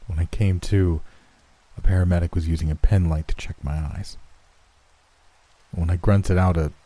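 A man reading a first-person horror story in a measured, dramatic storytelling manner. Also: low voice, fairly even intonation, warm tone. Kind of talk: scripted horror narration.

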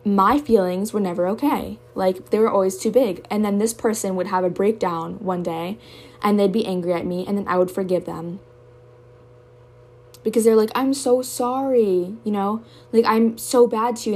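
A woman's voice: medium pitch, darkish tone. A young woman speaks in a candid personal monologue for her podcast. She is emotional and open and curses freely as she works through her feelings. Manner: emotional, candid, swears often. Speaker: podcast host.

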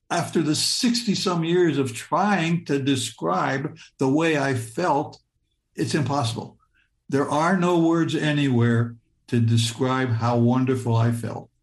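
An older man from Michigan telling a personal story, halting and repeating words as he relives it in vivid present tense. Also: fairly high pitch, roomy sound. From Michigan, United States.

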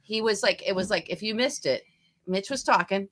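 A woman's voice: medium pitch, moderate pace, fairly bright tone. A woman co-hosting a podcast in casual political chat, chatty, often trailing off and restarting her sentences. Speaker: podcast co-host.

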